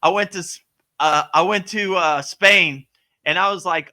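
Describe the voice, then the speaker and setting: A man leads a live yoga Q&A with a very bright, ringing tone that sits a little high. He talks in loose, chatty bursts and laughs easily. He keeps checking in with "right?" and "you know?". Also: a little slow. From United States. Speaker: yoga teacher hosting a live Q&A. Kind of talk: casual livestream chat and spiritual teaching.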